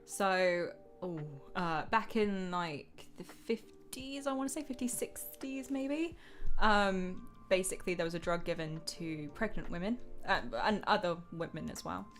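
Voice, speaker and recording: A woman's voice: lowish voice, unhurried, a bit bright. A young woman co-hosting a casual podcast, friendly and giggly, explaining things in a chatty way. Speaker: co-host.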